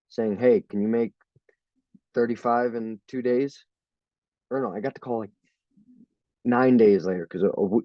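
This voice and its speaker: A young man chats in a casual interview, lively and laughing as he plays out what others said. His voice sits low and mellow. The sound is dull and dry, with little room. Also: no echo. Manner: laughing, animated storyteller acting out quotes. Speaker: fighter.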